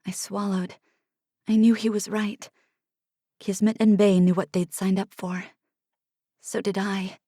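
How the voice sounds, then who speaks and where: A woman narrating a first-person fantasy audiobook in a hushed manner, sometimes dropping to an unvoiced whisper, close to a studio mic. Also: medium pitch, level tone, measured pace, pauses often, no echo. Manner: hushed, drops to unvoiced whispers in tense passages.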